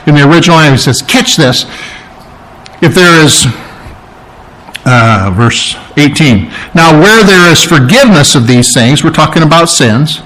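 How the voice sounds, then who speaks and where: High-voiced man preaching a sermon. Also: lively intonation, moderate pace, fairly bright tone, poor audio. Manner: emphatic, conversational preaching with asides to the congregation. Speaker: pastor.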